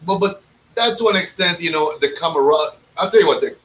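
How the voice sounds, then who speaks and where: Man, from Cuba, podcast host, profane storyteller, bright voice, roomy sound. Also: on the high side, fast talker, distant mic, a little hiss or hum. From Cuban. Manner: profane, animated storyteller, acts out other people's lines. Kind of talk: casual cigar podcast banter.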